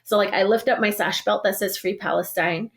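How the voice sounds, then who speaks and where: A woman organizer from the Navajo Nation telling a personal story as a podcast guest. Her voice sits at an ordinary middle pitch. She talks in a loose, animated way, packed with "like"s and self-corrections. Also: a little fast. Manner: heavy use of "like" and restarts, animated storytelling. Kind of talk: casual spoken recounting of an experience.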